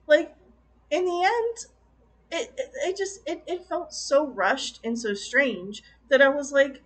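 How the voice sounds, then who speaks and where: A high-pitched woman ranting about a movie she found disappointing. She swings from loud, incredulous outbursts to quiet, slowed-down asides, acting out her own confused reactions as she goes. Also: low-quality recording. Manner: exasperated, animated, quoting her own reactions with sudden swings. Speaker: movie reviewer. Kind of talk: casual review rant.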